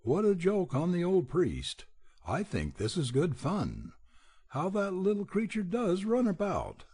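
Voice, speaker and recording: A man voicing an excited young boy pupil at a temple, exclaiming eagerly. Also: high voice, unhurried, slightly rough, pitched above the performer's own voice, full character voice. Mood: gleeful.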